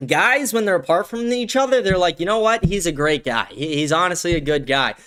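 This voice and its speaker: A man's voice: high-pitched, fairly quick, fairly bright tone. A young man hosting a live stream, reacting to clips and reading chat aloud with crude, sarcastic commentary and frequent laughter.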